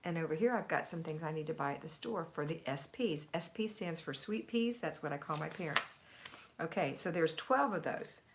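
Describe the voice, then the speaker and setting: A woman's voice: low voice, expressive, moderate pace, slight background noise. A middle-aged woman with a Southern US accent, hosting a casual live stream, chatty and easily sidetracked, laughing often as she reads out viewer comments. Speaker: homemaking livestream host.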